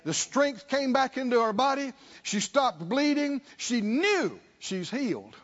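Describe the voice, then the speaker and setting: A man's voice: very high-pitched, big pitch swings, measured pace. A man preaching a sermon, driving points home with repetition, rhetorical questions and calls for the congregation to answer. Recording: dull lo-fi sermon recording.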